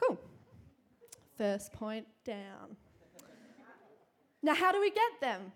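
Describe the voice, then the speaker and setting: A young woman giving a sermon to a congregation, telling a personal story in a chatty, quick way with lots of fillers and frequent laughter. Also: a little high, sing-song. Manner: chatty, fast, laughing often, many fillers. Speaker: church speaker.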